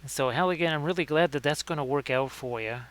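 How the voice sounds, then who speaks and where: A man's voice: a little high, a little fast. A man hosting a casual livestream painting tutorial, chatting with viewers by name between painting tips. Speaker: miniature painting streamer.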